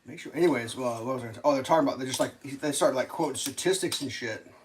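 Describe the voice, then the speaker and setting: A man talks in a loose, rambling way, swearing freely and trailing into fillers. His pitch sits at an ordinary middle height. Faint noise runs underneath him, with cutlery and dishes clinking now and then. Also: fast talker. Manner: rambling and profane, with frequent fillers and laughs. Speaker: live streamer. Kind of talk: casual rambling chat.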